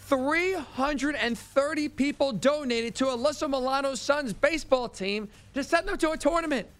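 High-voiced man ranting on sports radio. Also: moderate pace, a bit bright. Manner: incredulous, ranting storyteller. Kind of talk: sports talk radio chat.

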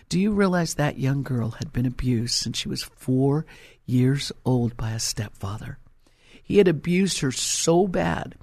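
A man's voice: medium pitch, darkish tone, breathy edge, dry recording. A male pastor preaching an impassioned sermon and telling stories to his congregation.

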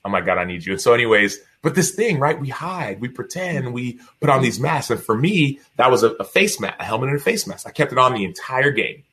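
Bright-voiced man, animated storyteller. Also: medium pitch, a little fast, few pauses, husky. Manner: animated storyteller, acts out quotes, frequent "right?". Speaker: guest author. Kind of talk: podcast interview storytelling.

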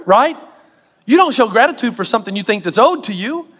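A middle-aged male pastor delivering a sermon with animated storytelling and self-mocking humor. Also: extremely high pitch, brisk, in a large hall.

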